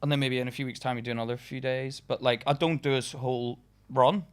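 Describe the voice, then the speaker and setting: A man's voice: medium pitch, steady tone, quick pace, clear, resonant tone. Chatty young man, a laughing comedian guest. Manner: chatty, swears, laughs often, many fillers. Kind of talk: casual podcast chat.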